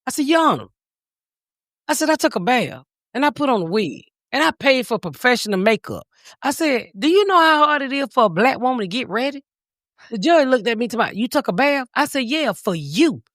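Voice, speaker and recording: A woman podcast host telling a comedic story in a profane, animated way, laughing as she talks. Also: on the high side, no echo, clean studio sound.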